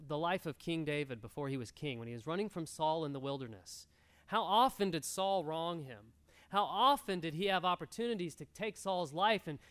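Male pastor, high voice with a lot of swing, earnest sermon delivery that drives its points home. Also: a bit bright. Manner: earnest, exhorting, repeats key phrases. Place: church room.

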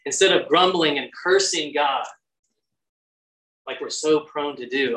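A man's voice: on the high side, lively intonation, moderate pace, fairly bright tone, rough recording. A man preaching a devotional sermon in an earnest, prayerful way, acting out quoted lines with lifted energy.

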